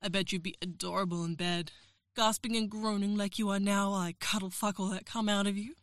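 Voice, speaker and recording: A woman's voice: mid-range voice, steady tone, brisk, no room sound, clean studio sound. A woman performing an erotic audio role-play as a professor, teasing, coaxing and giving orders.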